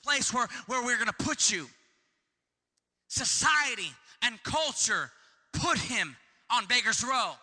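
A man preaching a sermon with passion, repeating himself and acting out shouted pleas. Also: extremely high pitch, lively intonation, takes it slowly, pauses often, in a large hall. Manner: impassioned, repetitive, acts out shouted pleas.

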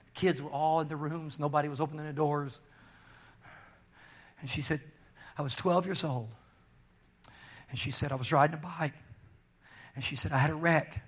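A pastor preaching, telling a personal story and pressing key lines with slow, emphatic rises. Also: male voice, a little high, steady tone. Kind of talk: sermon testimony.

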